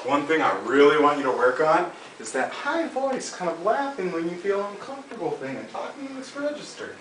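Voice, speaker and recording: A man's voice: sits high, roomy sound, distant mic, slight background noise, low-quality recording. A man coaching a trainee, acting out lines and laughing as he demonstrates. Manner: animated, demonstrative, laughs often. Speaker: dating coach.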